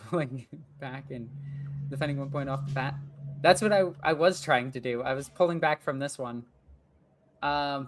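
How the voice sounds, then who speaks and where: A woman hosting a gaming channel, talking to herself through a strategy game, frustrated and swearing as she plans her moves. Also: deep voice. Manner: frustrated, thinking aloud, swearing. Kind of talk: let's play commentary.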